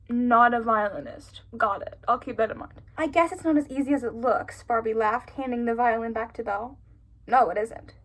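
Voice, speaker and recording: A young woman reading her old childhood stories aloud and breaking off for sarcastic, giggly, incredulous asides. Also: on the high side. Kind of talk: reading aloud with running commentary.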